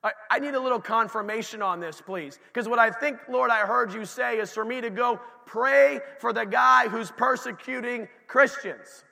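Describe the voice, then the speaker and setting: A man's voice: very high-pitched, moderate pace, gravelly, hardly any pauses, sharp tone, voice pushed up, full character voice. A man preaching who acts out a reluctant ancient male disciple, who pleads and stammers. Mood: pleading. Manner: hesitant, stammering. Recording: long reverb of a church hall.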